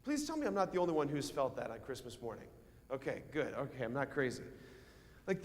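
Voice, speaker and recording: Animated priest preaching in an echoing church. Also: male voice, a little high. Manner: animated, storytelling, asks the children questions. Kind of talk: children's homily. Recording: long church reverb.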